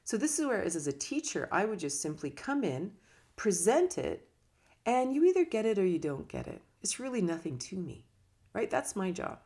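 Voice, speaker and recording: In a dark, medium-pitched voice with big pitch swings and normal speed, a woman who teaches yoga and meditation muses casually about teaching. Her voice swoops up and down while she talks with her hands, and she laughs every so often.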